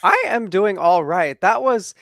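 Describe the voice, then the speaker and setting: An easygoing male co-host who laughs often and steers the conversation with questions. His voice sits a little high and moves around a lot. It is recorded dry and close. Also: expressive, unhurried, vocal fry, fairly bright tone, dry recording. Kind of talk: casual live-stream chat.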